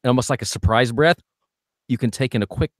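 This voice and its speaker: A man teaching singing technique as a vocal coach, animated and demonstrating sounds as he explains. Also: medium pitch, brisk, no echo, clean studio sound. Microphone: studio microphone.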